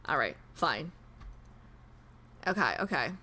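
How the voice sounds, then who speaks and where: A woman's voice: sits low, very animated, slow, bright, forceful tone. A young woman streamer chatting casually on a live stream, nervous and rambling, repeating herself.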